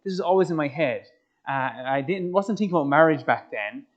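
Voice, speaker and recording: An Irishman tells a personal story to an audience in a lively way, asking them questions as he goes. His voice sits fairly high for a man. The recording sounds a little muffled. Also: fairly quick. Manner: animated storyteller, addresses audience directly. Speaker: speaker. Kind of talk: personal testimony talk.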